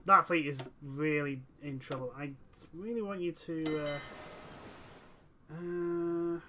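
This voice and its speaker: A man's voice: on the high side, fairly even intonation, slow pace, pushed and bright, slight background noise. A man commentating a strategy game let's play, talking to his units and to the nations in the game and getting exasperated with them. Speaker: gameplay commentator.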